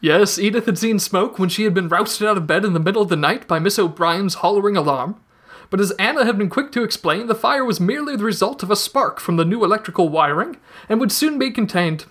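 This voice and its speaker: A man's voice: sits high, expressive, fairly quick, fairly bright tone. A man on a podcast reading his comic story aloud in a playful, theatrical way, with shifting put-on accents.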